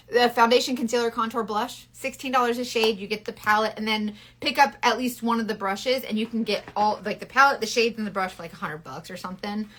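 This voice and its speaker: A woman's voice: fairly high pitch, bright, forceful tone. A woman selling makeup, chatting playfully through a casual live makeup tutorial on a phone and answering viewers as she goes. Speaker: makeup consultant selling cosmetics.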